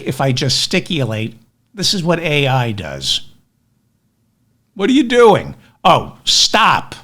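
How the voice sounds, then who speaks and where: Male comic news host: bright, sharp voice, unhurried but highly expressive, sarcastic rants. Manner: ranting, sarcastic, self-deprecating asides. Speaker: podcast host. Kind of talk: comedic news commentary.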